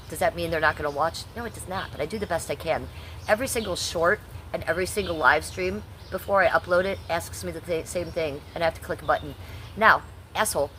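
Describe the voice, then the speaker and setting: A woman's voice: on the low side, fairly bright tone, a little hiss or hum. Blunt, combative woman in her fifties. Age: 50s. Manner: blunt, combative, swears at chatters. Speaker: live streamer. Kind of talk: casual live-stream chat, reading and answering the chat.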